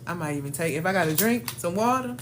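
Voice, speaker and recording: A woman's voice: lowish voice, expressive, fast, noisy background. A woman coach giving a casual motivational training talk, emphatic and slangy, calling her listeners "y'all" and "baby". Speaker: leadership coach for women.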